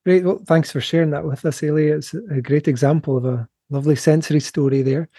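A man hosting an interview, thanking his guest and asking questions in a gentle, encouraging way. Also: fairly high pitch, fairly even intonation, brisk, husky, no room sound, clean studio sound. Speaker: podcast host.

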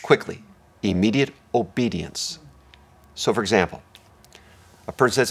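Gravelly, husky man preaching. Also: on the low side, normal speed, pauses often. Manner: preaching, swings from hushed to loud and emphatic. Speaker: pastor. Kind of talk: sermon.

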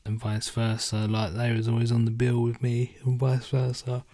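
Answering listener questions on his solo podcast, a young host sounds tired and yawns, rambling casually with plenty of swearing in a laid-back way. His medium-pitched voice is completely flat and dark in tone, at a moderate pace. The recording is dry.

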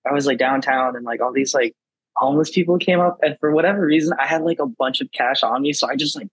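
A young man in his twenties with a husky, raspy voice chats casually on a podcast. His storytelling is laid-back and full of slang. The sound is dry and close, with no room echo. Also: medium pitch, quick pace. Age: 20s. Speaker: podcast co-host. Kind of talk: casual chat.

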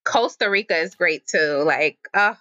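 An enthusiastic woman guest with a bright, forward voice who gushes as she talks. Her audio is dry and a bit muffled, like lo-fi remote sound. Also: lowish voice, lively intonation, normal speed, no echo. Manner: enthusiastic, gushing. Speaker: interview guest. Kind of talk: casual chat.

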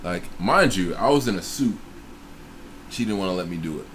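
A man's voice: low-pitched, moderate pace, a little hiss or hum. A man casually telling a personal story in a group chat, swearing freely and acting out the voices of the people in it. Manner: profane, animated retelling with acted-out quotes.

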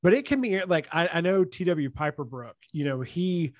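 A man chats on a podcast, rambling through stories with plenty of "like" and "you know". His voice sits a bit high for a man and sounds dry and close. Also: lively intonation, moderate pace, dry recording. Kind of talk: casual podcast conversation.

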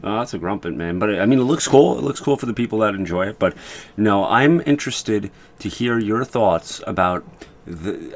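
Man, podcast co-host, casual gaming chat, low voice, blunt, stammers and restarts.

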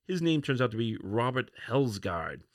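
A man's voice: mid-range voice, big pitch swings, moderate pace, no echo, clean studio sound. A man hosting a comic book review podcast, retelling a story in a conversational, rambling way. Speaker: podcast host.

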